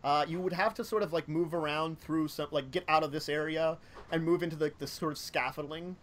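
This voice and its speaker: A man's voice: fairly high pitch, fairly even intonation, a little fast, a bit bright, slight background noise. A man narrating a tabletop game as game master, rambling with many fillers and self-corrections.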